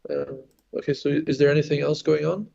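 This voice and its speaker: Gravelly French-accented male commentator. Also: a little high, brisk, highs cut off. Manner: relaxed, thinks aloud with restarts. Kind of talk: live board game commentary.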